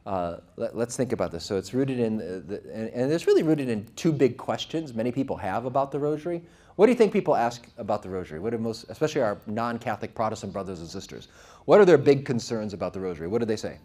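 A man's voice: medium pitch, animated, quick pace, mellow. An earnest man gives a talk to a live audience in a conversational way. He asks the listeners questions and tells stories, acting out the voices of the people in them. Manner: vivid storytelling with quoted voices. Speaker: Catholic speaker.

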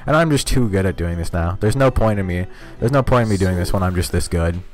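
Male streamer, deep-ish voice, loose profane banter, narrow vocal range, never shouts. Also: fast, soft background music. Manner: profane, rambling and self-mocking, laughs often; talks in one steady voice, cannot scream. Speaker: streamer playing a video game. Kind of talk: casual live-stream commentary.

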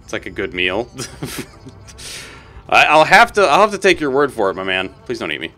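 A man streaming a game, chatting casually with viewers and talking to the creatures on screen, swearing and excitable. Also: medium pitch, measured pace, faint music behind. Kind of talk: casual gameplay commentary.

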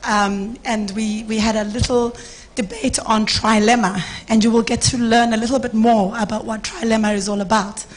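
A woman moderating a conference panel with a hoarse, worn voice, talking in a relaxed, chatty way with filler ums. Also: on the high side, normal speed, hardly any pauses, slight background noise, poor audio. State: hoarse, losing her voice. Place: conference stage.

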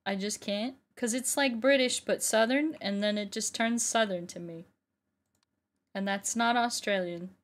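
A woman's voice: medium pitch, measured pace. A young American woman streaming a game, chatting playfully with frequent swearing and sing-song exclamations. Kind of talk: casual gaming commentary.

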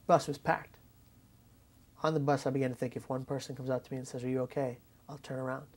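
A man quietly telling his own story as an interviewee. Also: medium pitch, flat delivery, quick pace. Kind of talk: personal testimony.

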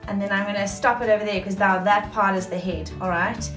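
A woman's voice: medium pitch, steady tone, fairly quick. Woman teacher explaining a craft, far off. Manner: chatty, instructive, many fillers. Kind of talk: craft lesson for children. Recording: roomy and distant, with music.

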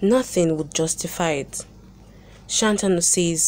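A woman narrating a soap opera recap in a plain, steady reading voice. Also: on the low side, measured pace, slight background noise.

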